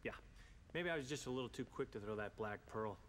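A man's voice: medium pitch, expressive, fairly quick, a bit bright, close to an everyday voice. An actor playing a jokey, easygoing male rogue in a video game, chatting to himself in a self-mocking way. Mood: musing. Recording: reverby game audio with faint noise.

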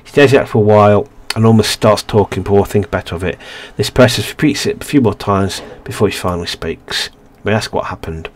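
A man's voice: lowish voice, fairly quick, few pauses. A man hosting a let's play, reading a narrative game's story aloud with frequent stumbles and restarts.

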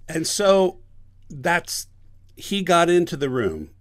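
A man's voice: medium pitch, moderate pace, dry recording, studio quality. A man who directs and teaches voice acting, telling a story in a casual podcast interview and acting out the people in it. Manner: animated storyteller, acts out quoted voices.

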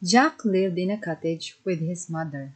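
A woman narrating a children's fairy tale in a slow, simple storybook manner. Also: fairly low pitch, animated, husky, rough recording.

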